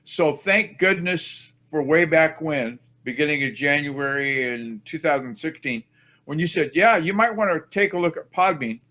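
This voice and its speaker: A man's voice: on the high side, animated, normal speed, bright, forceful tone. Rambling, chatty male podcast host. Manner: rambling, chatty, self-mocking. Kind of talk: casual podcast chat.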